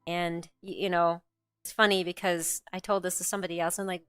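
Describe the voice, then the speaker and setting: A woman's voice: on the low side, steady tone, brisk, fairly bright tone, smooth, no echo, soft background music. A middle-aged woman co-hosting a show, telling a personal story in a candid, rambling way, with lots of fillers and swearing. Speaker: co-host.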